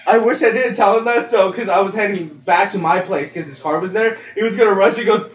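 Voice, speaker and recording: Telling a story casually on the podcast he co-hosts, this young man laughs a lot and acts out the quoted lines. He talks at a moderate pace in a high-sitting voice. It's captured on a dull lo-fi mic in a roomy, distant space with a bit of faint noise.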